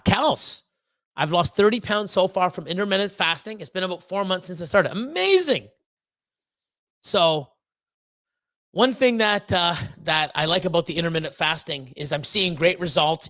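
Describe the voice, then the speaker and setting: A man hosts a casual livestream from home and answers chat. His voice sits high for a man and the recording is dry and close. He rambles with plenty of fillers and false starts and swears freely. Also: a bit bright, dry recording. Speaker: livestream host.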